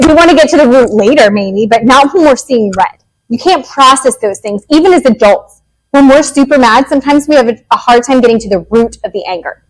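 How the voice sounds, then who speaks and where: A woman behavior analyst, herself a parent, giving a lively, joking workshop talk to parents. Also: high-pitched, low-quality recording. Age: adult parent. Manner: lively, joking, acts out quick quotes.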